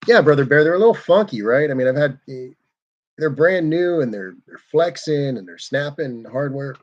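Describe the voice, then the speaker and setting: A man's voice: fairly high pitch, expressive, moderate pace, highs cut off. A man hosting a car livestream in casual, rambling, self-deprecating chat.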